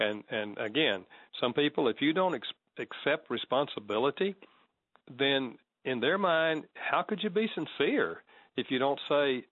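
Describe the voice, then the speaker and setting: Measured man explaining in a dry, dull studio. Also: medium pitch, animated, no echo. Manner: measured, explanatory, acts out sample apologies. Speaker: guest author on apology. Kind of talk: conversational teaching.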